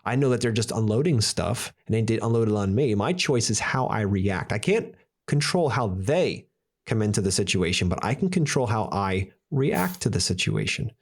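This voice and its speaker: A man's voice: on the low side, lively intonation, normal speed, breathy edge. A man hosting a podcast in casual conversation, enthusiastic, swearing casually and often saying "dude". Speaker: podcast host.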